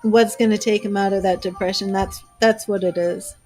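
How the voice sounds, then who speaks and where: A woman's voice: mid-range voice, steady tone, moderate pace, darkish tone, dry recording, soft background music. A woman giving a live tarot reading, talking earnestly and gushing with emotion, a little teary-eyed. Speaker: tarot reader.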